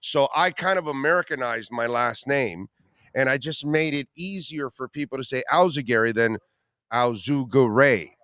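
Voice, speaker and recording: Blunt, animated man hosting sports radio. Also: mid-range voice, normal speed, clear, resonant tone, no echo, clean studio sound. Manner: blunt, swears freely, animated storytelling. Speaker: radio show host. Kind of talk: casual sports talk.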